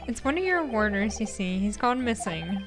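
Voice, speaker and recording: A woman's voice: medium pitch, sing-song, moderate pace, creaky. A woman reading a polite young male detective with formal, courteous questions, game music behind. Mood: earnest.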